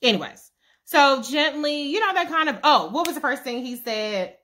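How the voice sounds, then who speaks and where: A woman's voice: high-pitched, lively intonation, moderate pace, sharp tone. A woman casually recapping a TV series with profane, sassy asides. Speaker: show recap vlogger.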